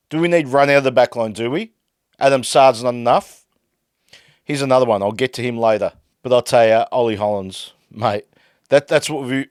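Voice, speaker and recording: A man's voice: mid-range voice, dry recording, clean studio sound. Fired-up ranting Australian man. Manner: fired-up, exasperated ranting that swings loud and quiet. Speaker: podcast host. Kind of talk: ranting fan commentary.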